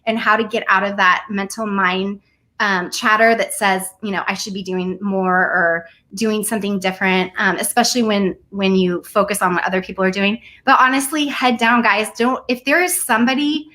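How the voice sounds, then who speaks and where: Bright, earnest woman in conversation. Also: mid-range voice, moderate pace. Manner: earnest, animated storytelling with laughs. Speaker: guest. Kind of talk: casual conversation.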